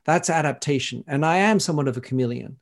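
French-accented man, thoughtful and measured. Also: fairly high pitch. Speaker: guest. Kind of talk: conversational interview answers.

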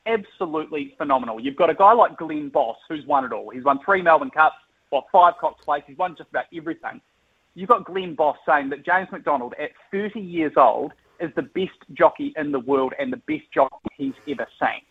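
A man's voice: on the high side, a little fast, slightly rough. Emphatic New man over the phone. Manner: emphatic, animated, says "mate" and "look". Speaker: racing and sports journalist. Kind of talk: casual sports chat. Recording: tinny phone line.

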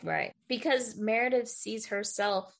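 Husky, gravelly woman reacting bluntly. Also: a little high, lively intonation, unhurried. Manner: blunt reactions, frequent laughter, slangy. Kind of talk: casual chat.

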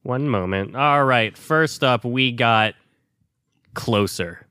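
A man's voice: medium pitch, slow pace, sharp tone, clean tone, no room sound, studio quality. A man on a movie podcast in casual chat, wry and teasing. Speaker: podcast panelist.

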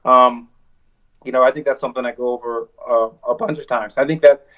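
A man's voice: mid-range voice, fairly even intonation, fairly quick, sharp tone, highs cut off. A man talking as a wrestler guest in a casual interview, telling stories in a loose, rambling way.

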